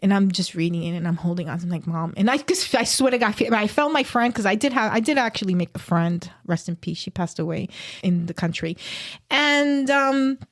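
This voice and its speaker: Animated woman telling her story. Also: medium pitch, a little fast. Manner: animated, acts out quoted voices. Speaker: podcast guest. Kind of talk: emotional personal storytelling.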